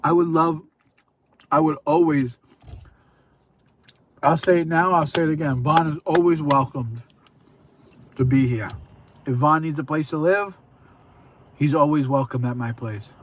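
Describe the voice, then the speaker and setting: A man's voice: on the high side, measured pace, long pauses, a little hiss or hum. A tipsy man hosting a casual show, rambling in sing-song bursts and swearing freely. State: tipsy from drinking. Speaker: show host. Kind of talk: casual livestream chat.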